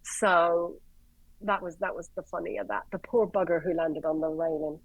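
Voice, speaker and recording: An Irish woman from Ireland, a paramedic guest, telling stories in an animated, blunt way, swearing freely and acting out the people she quotes. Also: lowish voice, moderate pace, creaky, no room sound, dull audio. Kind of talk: casual storytelling.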